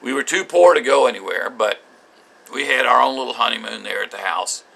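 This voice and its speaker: An older man recounting his marriage in a bitter, halting spoken journal, with frequent restarts. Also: mid-range voice, vocal fry, sharp tone.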